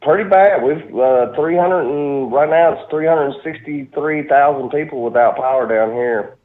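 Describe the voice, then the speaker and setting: A man's voice: a little high, unhurried. A man from Birmingham, Alabama, with a Birmingham, Alabama accent, calling in for an easygoing, polite chat. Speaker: caller. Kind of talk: casual phone chat. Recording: tinny phone line.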